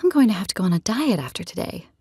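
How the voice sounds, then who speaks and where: A woman's voice: medium pitch, sing-song, very fast, dark tone, breathy edge, no room sound, clean studio sound, full character voice. A woman voicing a guarded, competitive young woman with short, clipped replies, in an audiobook reading. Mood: bantering.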